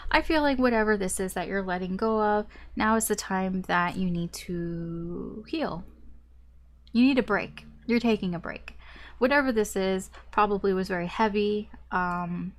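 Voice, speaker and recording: A woman talks her viewers through a tarot reading in a loose, chatty way. She fills pauses with ums and you-knows and often restarts her sentences. Her voice sits at an ordinary mid pitch. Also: a bit bright. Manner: chatty, frequent fillers and restarts, light laughs. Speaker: tarot reader. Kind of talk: casual spoken tarot reading.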